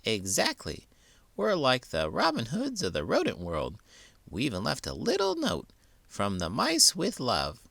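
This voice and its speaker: A man voicing a chatty, excitable little mouse who tells his tale eagerly and a bit boastfully. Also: mid-range voice, a little slow, vocal fry, no room sound, pitched above the performer's own voice, exaggerated voice. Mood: excited.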